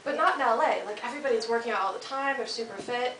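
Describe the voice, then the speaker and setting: A woman's voice: a little high, fast talker, a bit bright, slight background noise. An American woman performing a stand-up comedy set, chatty and playful, teasing the crowd and putting on silly voices. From United States. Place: comedy club stage. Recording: echoey club, mic heard from a distance. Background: audience laughter.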